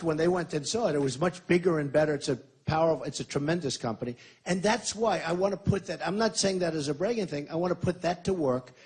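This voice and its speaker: A man's voice: on the high side, a little mellow, breathy edge. A man in his sixties, a presidential candidate at a rally, answering questions in an emphatic, repetitive and boastful way. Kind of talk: campaign Q&A speech.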